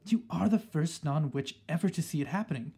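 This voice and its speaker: A shrewd old grandmother, brisk and commanding, who can flare up with excitement, as a man reads her. Her voice has a husky edge and sits a little high.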